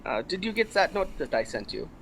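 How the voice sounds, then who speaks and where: A man's voice: fairly high pitch, big pitch swings, fairly quick, vocal fry, a bit bright, husky, full character voice. A man playing a stiff formal bounty hunter. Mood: polite. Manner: formal, stilted phrasing. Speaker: player.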